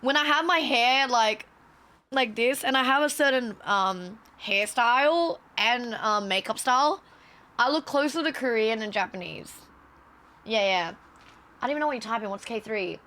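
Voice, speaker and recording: A woman chatting on a live stream, telling animated stories with a lot of swearing and laughter. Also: fairly high pitch, normal speed. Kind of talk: casual stream chat and storytelling.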